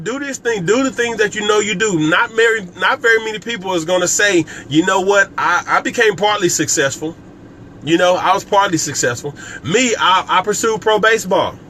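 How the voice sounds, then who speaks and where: A network marketing coach with a high, pushed, bright voice hosts a motivational live stream on business and scripture. He speaks emphatically, repeats key phrases, and talks directly to viewers by name, with a little hiss or hum on the audio.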